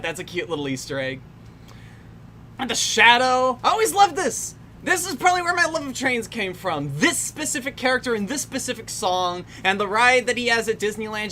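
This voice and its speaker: A woman's voice: mid-range voice, sharp tone. A young woman giving casual, wry commentary over a film, laughing often and trailing off mid-sentence. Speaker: commentary host. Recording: faint background noise.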